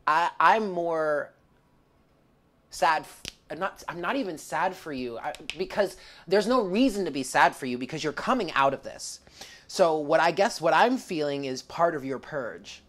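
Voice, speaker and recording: A woman's voice: low voice, expressive, normal speed. A woman giving a tarot reading to viewers, emotional and close to tears, calling the listener honey and swearing freely. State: tearful. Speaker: tarot reader.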